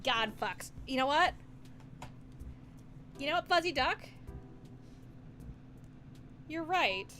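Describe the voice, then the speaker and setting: A woman's voice: sits high, lively intonation, measured pace, bright, forceful tone, a little hiss or hum. A woman streamer in casual live-stream chat, giggly, playful and rambling as she muses aloud.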